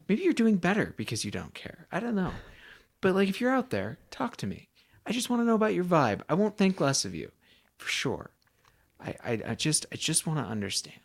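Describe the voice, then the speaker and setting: A man's voice: on the high side, wildly swooping pitch, a little fast, vocal fry. A tired young man co-hosting a podcast in casual chat, rambling and self-deprecating, often restarting his sentences. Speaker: podcast co-host.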